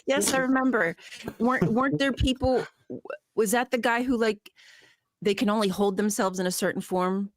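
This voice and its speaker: A woman's voice: medium pitch, normal speed, no room sound. A woman co-hosting a casual live chat, chatty and often groping for names and trailing off.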